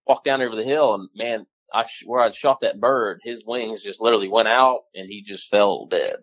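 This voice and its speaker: Animated man telling a hunting story. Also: lowish voice, normal speed, lo-fi sound. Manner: animated, swears casually, many fillers. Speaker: guest hunter. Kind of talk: casual storytelling.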